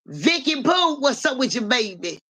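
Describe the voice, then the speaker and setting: A young woman live-streaming as a psychic reader, telling a story in animated, profane casual talk and speaking straight to her viewers. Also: sits high, moderate pace, slightly rough.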